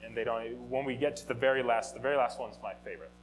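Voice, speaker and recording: A man giving an informal Bible teaching at a middle pitch, talking to the room and correcting himself as he goes. His tone is conversational and animated. A faint hum sits under the recording. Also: fast talker, poor audio. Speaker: teacher of a Bible study or sermon.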